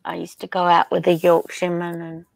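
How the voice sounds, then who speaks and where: A woman hosting a casual craft livestream, reading viewer comments aloud in an unhurried, chatty way and laughing often. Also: lowish voice, monotone, gravelly, dry recording.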